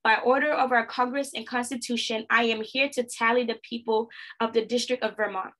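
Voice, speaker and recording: A woman's voice: a little high, steady tone, fairly quick, fairly bright tone, close to an everyday voice. A woman voicing an earnest, weary male census taker who speaks in a formal, old-fashioned way.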